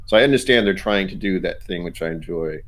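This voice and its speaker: A man with a low voice chats loosely as a co-host. He rambles, laughs often and restarts his sentences as he goes. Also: quick pace, a bit bright, a little hiss or hum. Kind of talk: casual chat.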